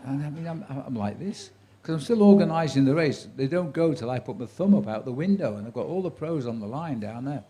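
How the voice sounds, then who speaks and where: Older guy in his 70s spinning commentary-career yarns, warm relaxed tone, does little voices for people he quotes. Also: medium pitch, brisk, hardly any pauses, breathy edge. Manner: chatty raconteur who acts out quoted voices, dry wit. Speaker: sports commentator telling career stories. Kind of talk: anecdotal storytelling to a live audience.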